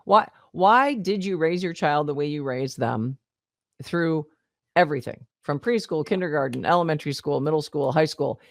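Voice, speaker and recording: A woman's voice: sits low, normal speed, no room sound, clean studio sound. A woman hosting a podcast in casual conversation, a supportive listener who builds on her guest's points. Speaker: podcast host.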